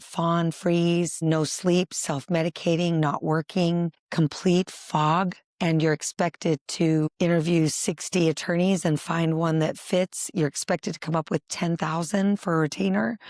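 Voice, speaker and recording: A woman's voice: sits low, vocal fry, a little mellow, dry recording, studio quality. A woman family therapist speaking in a documentary interview, earnest and emphatic, stacking her points in repeated lists.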